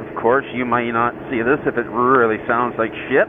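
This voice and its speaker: A man's voice: mid-range voice, fairly quick. A Canadian man vlogging from his motorcycle, rambling casually, repeating himself and swearing as he rides and tells stories. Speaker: motovlogger. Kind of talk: casual motorcycle vlog with storytelling. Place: outdoors on a motorcycle on the road. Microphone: helmet-mounted action camera. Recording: tinny helmet camera audio with road noise. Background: traffic and wind noise.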